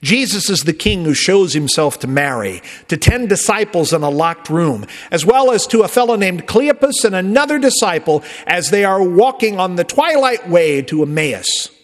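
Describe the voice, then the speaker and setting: Lively-voiced pastor preaching in a reverberant church. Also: male voice, high voice, normal speed, hardly any pauses. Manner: conversational preaching with sudden emphatic rises and soft drops. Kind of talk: sermon. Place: church sanctuary.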